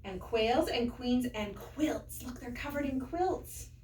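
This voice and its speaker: A woman teacher reads a picture book aloud to young children, slow and sing-song, her pitch lively and bright. She sounds a little distant, in an echoey room with a faint background hum. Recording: roomy, mic at a distance.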